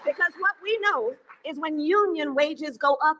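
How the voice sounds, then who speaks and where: A woman's voice: high voice, moderate pace. A woman giving a rally speech with a rhythmic, repeated refrain. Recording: loud cheering crowd and noise.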